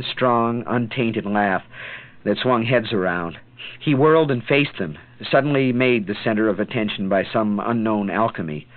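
A man narrating an audiobook in a measured, dramatic way. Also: fairly low pitch. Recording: tinny phone-like sound.

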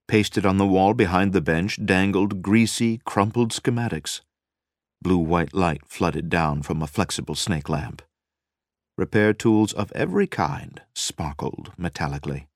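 A man narrating a story in a measured, dramatic reading style. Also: low-pitched, no room sound, clean studio sound. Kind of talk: scripted audiobook narration.

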